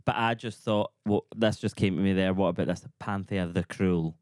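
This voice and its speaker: A man's voice: lowish voice, fairly even intonation, brisk, a little mellow, dry recording, clean studio sound. A man who is a comedian, guesting on a podcast and chatting casually in a gossipy way, laughing often. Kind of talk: casual chat.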